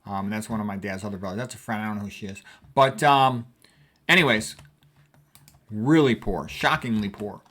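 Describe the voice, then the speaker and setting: A man's voice: on the low side, fairly quick, pauses often. A man in his sixties from the United States, a physician talking casually and rambling as he goes through old family photos. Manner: rambling, conversational, warm reminiscing. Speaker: physician vlogger.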